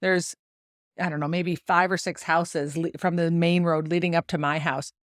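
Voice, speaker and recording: Chatty storytelling American woman, low voice. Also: moderate pace, dry recording, studio quality. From United States. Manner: chatty, animated storytelling with laughs. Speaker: podcast host and golf coach. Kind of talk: solo podcast monologue.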